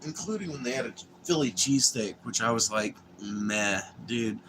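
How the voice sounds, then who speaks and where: A young man chats casually with livestream viewers, rambling, swearing freely, restarting sentences and using filler words. His mid-range voice is animated, quick and a bit bright, with a little hiss or hum.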